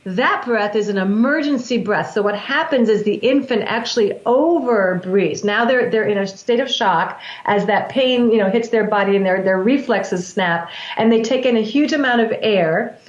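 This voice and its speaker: A woman's voice: mid-range voice, normal speed, hardly any pauses, muffled recording. Woman explaining breath work, roomy sound. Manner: earnest, flowing explanations with restarts. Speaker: guest, breath work practitioner. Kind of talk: explanatory interview talk.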